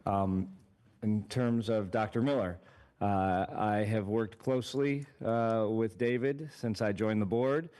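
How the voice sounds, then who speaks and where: A university regent making remarks at a board meeting, halting with fillers and teasing with heavy sarcasm. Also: male voice, on the low side, fairly even intonation, warm tone, clean tone. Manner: joking, teasing, with many fillers.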